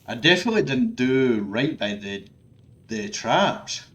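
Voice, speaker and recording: A man's voice: medium pitch, expressive, measured pace, fairly bright tone. Frustrated swearing man. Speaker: gaming streamer. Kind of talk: live gameplay commentary.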